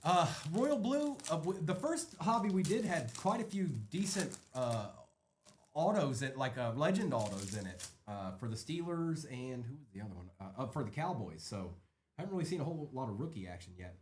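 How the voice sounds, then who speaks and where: Host, male, animated casual delivery with lots of rise and fall, live card-break commentary. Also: medium pitch, a little fast, slight background noise. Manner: lively, chatty, rattling off names.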